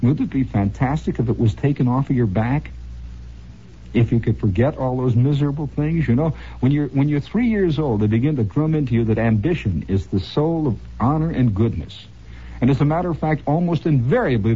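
A male radio host spins wry, sardonic stories in a rambling monologue. His voice is very husky and mellow, and his pitch rises and falls a lot. It sounds like a dull, lo-fi old radio recording.

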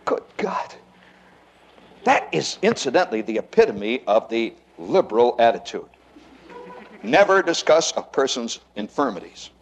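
A man's voice: mid-range voice, a little slow. A man doing a stand-up comedy routine, telling stories with laughs and rhetorical questions to the crowd. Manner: animated storytelling, frequent laughter, rhetorical questions to the audience.

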